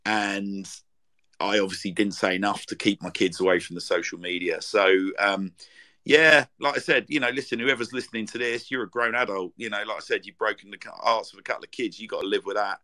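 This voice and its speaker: A man's voice: lowish voice, brisk, bright, forceful tone, poor audio. A man hosting a football fan podcast, chatting casually and reading listener tweets aloud in a rambling way, with many ums and restarts. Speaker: podcast host.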